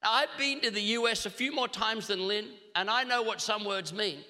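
Bright-voiced Australian preacher, hall echo. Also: male voice, sits high. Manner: animated humorous storytelling with quick restarts. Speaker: pastor. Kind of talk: sermon. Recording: long hall reverb.

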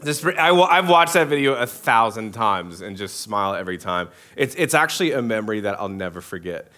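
A man's voice: fairly low pitch, lively intonation, brisk, bright, forceful tone. Joking preacher man, many restarts. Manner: casual, joking, many restarts, asks the crowd. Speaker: pastor. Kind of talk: sermon.

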